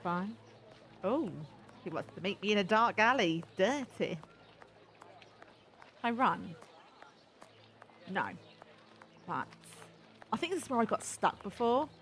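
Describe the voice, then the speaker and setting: A woman's voice: medium pitch, expressive, slow pace, long pauses, fairly bright tone, slight background noise. Giggly woman commenting on a game playthrough. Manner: chatty, giggly, talks to herself. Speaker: gaming channel host.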